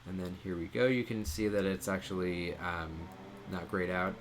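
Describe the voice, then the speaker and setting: A man presenting a casual software tutorial, explaining each step in a relaxed way with frequent "um" pauses. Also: sits low, a little hiss or hum. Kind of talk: casual screen-share tutorial.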